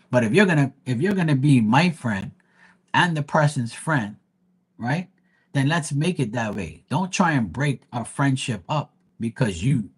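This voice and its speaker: A man running a live tarot stream talks in a blunt, heated rant and swears freely. His voice is husky and slightly rough, at an ordinary male pitch. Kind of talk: ranting livestream monologue.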